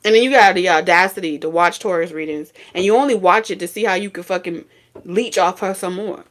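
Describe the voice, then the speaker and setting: A woman's voice: on the low side, brisk. A woman giving a tarot reading, talking in a blunt, profane, scolding way with lots of repetition. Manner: blunt, profane, scolding street talk with sudden laughs and singing. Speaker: tarot reader.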